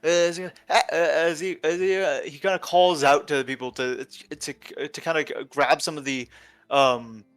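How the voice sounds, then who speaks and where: Give me a man game master narrating a tabletop game, stumbling through his words, a little high. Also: fairly even intonation, a bit bright, clean tone, no room sound. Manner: halting, full of fillers and restarts.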